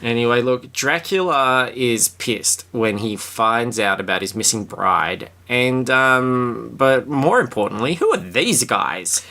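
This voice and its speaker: A man hosting a podcast in casual chat, reading passages aloud between jokes. His voice is bright and clear, and his delivery stays dry and sardonic. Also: medium pitch, animated, slow pace, few pauses. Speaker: podcast host.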